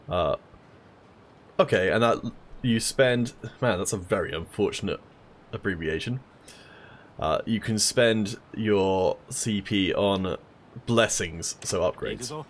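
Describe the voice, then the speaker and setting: A man's voice: fairly low pitch, slow, long pauses, a little hiss or hum. A man hosting a let's play, giving casual gameplay commentary with wry, joking asides.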